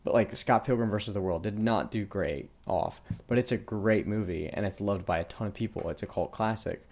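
A man's voice: lowish voice, a little fast, creaky, a little mellow. A young man co-hosting a podcast, rambling casually with lots of "like" and asking curious questions. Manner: rambling, filler-heavy, asks many questions. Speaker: podcast co-host. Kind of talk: casual chat.

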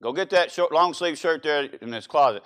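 A man's voice: fairly high pitch, moderate pace, a bit bright, natural voice. A man voicing a bossy but caring old Southern grandmother with a North Louisiana accent, giving firm instructions. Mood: instructing.

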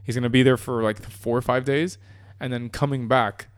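A man's voice: medium pitch, steady tone, normal speed, clean tone, no echo, studio quality. A man co-hosting a podcast in casual chat, rambling loosely and swearing now and then, tired after a long day. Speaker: podcast co-host.

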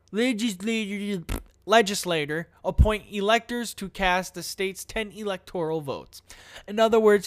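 Young man, high voice, casual political commentary, blunt, swears a lot, mocking. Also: fairly bright tone, clear, resonant tone. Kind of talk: casual profane political commentary, reading news aloud.

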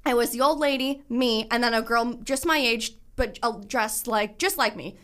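A young woman with a fairly high voice chats casually with a friend. She tells her stories with energy and slips into other people's voices when she quotes them. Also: normal speed. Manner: animated storyteller acting out quotes. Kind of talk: casual chat.

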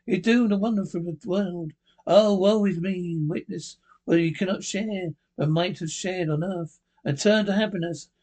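A man's voice: high voice, normal speed, darkish tone. Man voicing a mournful chained ghost. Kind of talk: storybook reading.

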